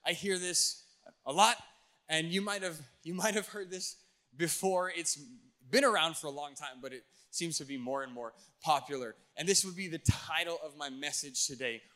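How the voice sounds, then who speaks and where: A young man preaching as a youth pastor in a church, playful and energetic with the crowd. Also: on the high side, moderate pace. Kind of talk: sermon.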